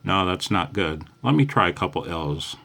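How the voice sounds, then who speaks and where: A man's voice: deep voice, expressive, moderate pace, creaky, noisy background. An older man giving a casual, chatty radio lesson, often calling the listener "man". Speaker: ham radio instructor.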